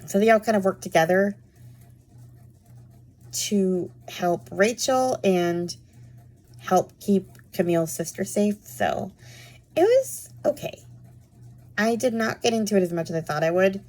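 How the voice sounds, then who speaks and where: A woman's voice: mid-range voice, unhurried, darkish tone. A woman casually chatting about books she read, rambling with lots of fillers. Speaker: book reviewer. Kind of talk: casual book chat.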